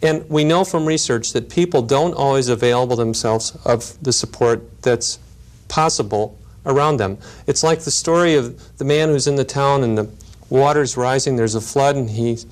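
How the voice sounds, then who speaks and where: Measured man giving a lecture. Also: medium pitch. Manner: measured, explanatory, storytelling asides. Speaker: lecturer on grief and helping work. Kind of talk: recorded teaching lecture.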